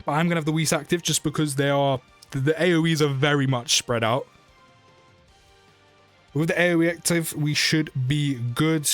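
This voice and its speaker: A young British man giving chatty, excitable gameplay commentary for his channel, often rambling and correcting himself. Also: medium pitch. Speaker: mobile game YouTuber.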